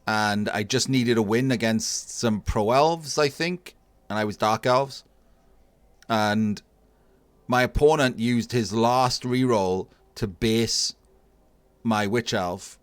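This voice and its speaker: A man casually commentating a video game tournament match, analysing plays in a relaxed, thinking-aloud way. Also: mid-range voice, slow pace, no room sound. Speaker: tournament caster.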